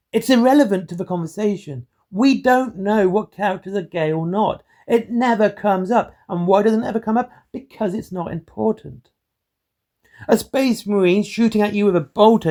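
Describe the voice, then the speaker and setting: A man, hosting his own hobby channel in a monotone, rambling way of talking. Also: high-pitched. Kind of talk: rambling solo commentary.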